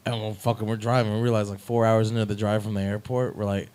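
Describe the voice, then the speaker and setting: A man's voice: fairly low pitch, flat delivery, quick pace, darkish tone, smooth. A young man telling a long, profane, rambling story about playing music on tour, in a casual podcast chat.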